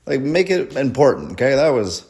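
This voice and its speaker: A man's voice: mid-range voice, very animated, moderate pace, a little mellow. A man putting on his blunt, profane, old-school father during a stand-up set. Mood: gruff relieved.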